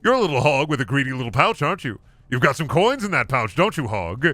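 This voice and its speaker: A man's voice: mid-range voice, big pitch swings, fast talker, pushed and bright, no echo. A man voicing a greedy corporate game seller who talks down to a customer in a condescending, wheedling way. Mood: mocking.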